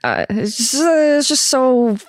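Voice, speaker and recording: A woman's voice: fairly high pitch, expressive, unhurried, dry recording. A woman co-hosting a casual podcast chat, talking bluntly and swearing freely. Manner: blunt, swears, laughs often. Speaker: podcast co-host. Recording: dry close mic, webcam call.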